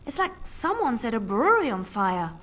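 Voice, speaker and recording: An actress playing a sharp-tongued woman companion who makes wry, mocking remarks. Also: fairly high pitch, big pitch swings, normal speed.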